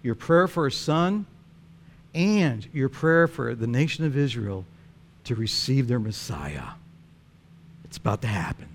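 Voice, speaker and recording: A male pastor preaching a sermon, telling a story in an animated way and chuckling often. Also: mid-range voice, unhurried, long pauses, a little hiss or hum.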